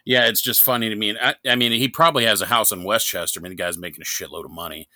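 A podcast co-host from New York, a man with a somewhat low but bright, forceful voice. He rambles and jokes, swearing freely. The sound is dry and close. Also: rapid-fire, dry recording. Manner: joking, profane, rambling. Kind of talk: casual chat.

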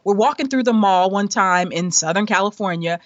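Animated woman telling a money story. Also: medium pitch, normal speed, dry recording, muffled recording. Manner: animated storyteller, laughs often, acts out quoted voices. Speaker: guest sharing a money story. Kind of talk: conversational storytelling interview.

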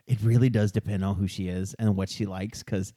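A man in a studio, joking loudly and crudely in casual banter, full of profanity. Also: lowish voice, steady tone, brisk, dry recording. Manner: loud, joking, profane, does silly voices.

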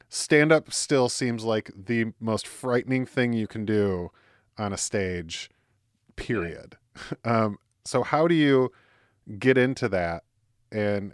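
Clear-voiced man hosting a chat. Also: lowish voice, no room sound, studio quality. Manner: eager, restarts, drawn-out phrasing. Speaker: podcast host. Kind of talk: casual interview chat.

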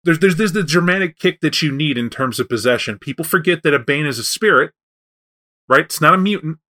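A man talks with a bright, forward tone and a voice that sits a little high for a man. He rambles through animated stories, stumbling and restarting as he goes, in a loose podcast-style chat about tabletop gaming. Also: a little fast. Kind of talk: casual chat about tabletop role-playing.

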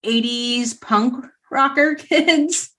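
Relaxed woman in casual chat. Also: high voice, extremely slow. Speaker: podcast co-host. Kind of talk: casual film discussion.

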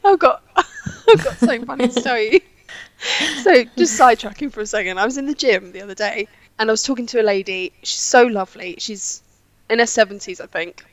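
A woman from England with a fairly high voice co-hosts a chatty podcast. She laughs often while she tells a story, and her remote recording sounds echoey. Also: lively intonation, brisk. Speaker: podcast co-host. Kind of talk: casual chat, storytelling.

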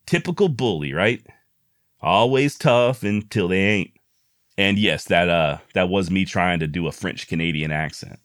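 A man with a drawl spins an old frontier yarn, folksy and wry, with joking asides. His voice sits on the low side and is close and dry. He sounds like a host talking straight to his listeners. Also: expressive, unhurried, fairly bright tone, no room sound. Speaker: history storyteller, host. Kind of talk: casual folksy storytelling.

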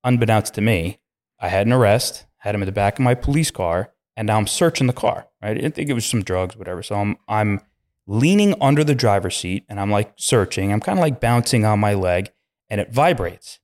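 A police detective and podcast guest, telling a story in casual chat and acting out the voices of the people in it. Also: male voice, lowish voice, a little fast. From United States. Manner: animated storyteller, acts out voices with sudden loud jumps.

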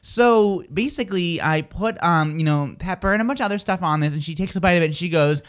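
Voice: medium pitch, fast talker. A radio host in casual morning-show chat, telling stories and acting out what others said. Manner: animated storyteller, acts out quotes. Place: radio studio.

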